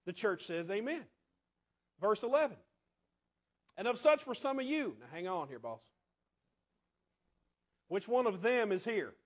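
A man preaching a sermon in a conversational way, asking the congregation rhetorical questions and often dropping to quiet asides. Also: sits high, big pitch swings, a little slow, pauses often.

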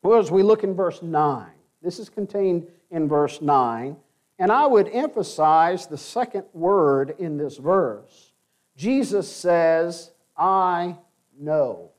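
Male pastor, high voice, earnest sermon delivery with slow emphatic stresses. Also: lively intonation, darkish tone. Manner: earnest, emphatic, slows down for key phrases. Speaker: preacher.

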